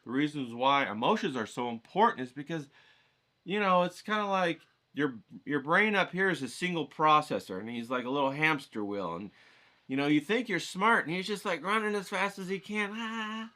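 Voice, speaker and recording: A man teaching a casual painting lesson, talking in an animated, encouraging, folksy way. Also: a little high, normal speed. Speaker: art teacher.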